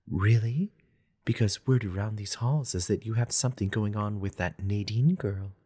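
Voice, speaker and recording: A woman's voice: a bass voice, moderate pace, dark tone, slightly rough. A man voicing a cold, confident young woman who teases and challenges without emotion. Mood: taunting.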